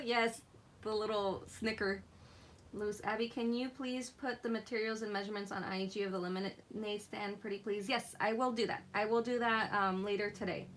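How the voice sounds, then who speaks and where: A woman's voice: medium pitch, fairly bright tone, slight background noise. A young woman hosting a live craft stream, chatting casually, reading viewer comments aloud and laughing often. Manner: giggly, laughs often, reads chat aloud. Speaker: craft livestream host.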